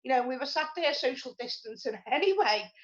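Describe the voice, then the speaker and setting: Excitable high-voiced woman, chatty. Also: brisk. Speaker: show co-host. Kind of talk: casual live-stream chat. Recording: dull lo-fi stream audio.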